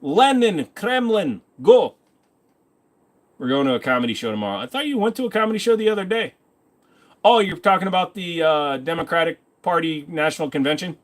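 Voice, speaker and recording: A man hosting a casual livestream reads viewer comments and answers them in a rambling, offhand way, full of quick asides. His voice is animated, a little high, and fairly bright.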